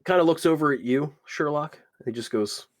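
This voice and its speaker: A man running a tabletop game as game master, narrating in an animated, casual and profane way. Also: fairly high pitch, brisk.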